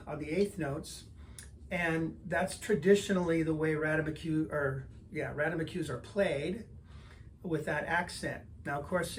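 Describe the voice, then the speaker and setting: An older man teaching drums, explaining patterns in a relaxed way and counting in before he plays. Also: on the high side, a little hiss or hum. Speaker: drum teacher. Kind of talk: instructional lesson talk.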